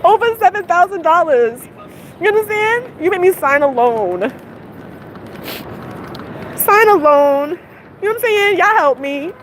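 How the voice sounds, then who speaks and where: A woman's voice: extremely high pitch, lively intonation, unhurried, long pauses, a bit bright, rough recording. A woman vlogging outdoors, upset and venting, with a dry cough and frequent rhetorical questions. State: dry cough, clearing throat. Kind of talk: venting vlog monologue. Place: outdoors on a city street, heading to a train. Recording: street noise behind.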